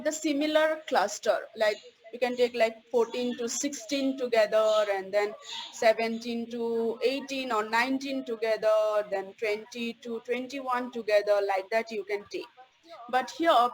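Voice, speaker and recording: A woman's voice: on the high side, poor audio. A woman giving a recorded theology course lecture, stressing key words and checking in with "okay?" after each point.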